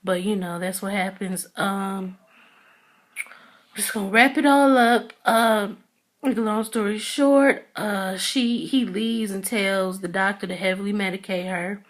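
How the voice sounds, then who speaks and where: A woman talks through the plot of a TV episode in a loose, chatty way. Her voice sits at an ordinary middle pitch, and she keeps stringing thoughts together with "you know" and "uh". Now and then she slips into short bits of the characters' lines. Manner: rambling storytelling, full of "you know" and "uh"; acts out characters' lines in quick asides. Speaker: TV episode reviewer. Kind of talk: casual recap of a TV episode.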